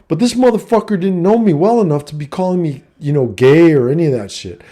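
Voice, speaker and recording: A man's voice: a little high, lively intonation, brisk, warm tone. A middle-aged man telling a story in a blunt, profane, casual rant. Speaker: vlogger and coach.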